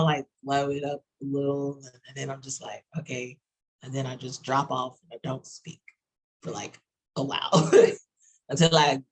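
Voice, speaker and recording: A woman with a Texas accent chatting on a roundtable video call, talking fast and rambling with many fillers. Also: sits low, slightly rough, rough recording. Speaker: roundtable panelist. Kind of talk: casual chat.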